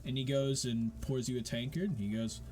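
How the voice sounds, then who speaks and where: A man's voice: mid-range voice, fairly quick, dark tone. A man narrating a tabletop game as game master, rambling with many fillers.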